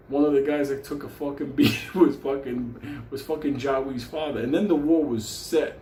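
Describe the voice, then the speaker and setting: A man's voice: medium pitch, mellow. A middle-aged man telling a crude, rambling story, swearing constantly and often laughing. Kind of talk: casual profane storytelling. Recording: roomy echo with faint hum.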